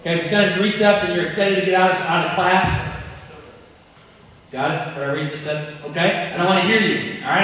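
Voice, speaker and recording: A man running a basketball coaching clinic, calling out drill cues in quick repeated bursts and joking with players as he explains. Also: sits high, fairly even intonation, fairly bright tone, a little hiss or hum. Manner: joking, encouraging. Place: large gym. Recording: echoey gym from far off.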